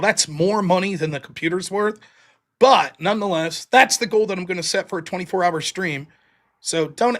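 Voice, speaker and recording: This man has a high-pitched, slightly bright voice. He hosts his own livestream, chatting casually with his audience in a blunt, rambling manner sprinkled with mild profanity.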